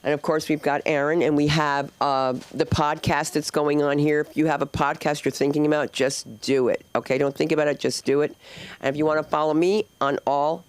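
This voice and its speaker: Hosting live stand-up at a comedy club open mic, a New Jersey woman talks with the crowd brashly, rambling and joking. She speaks at normal speed in a low voice with a clean tone.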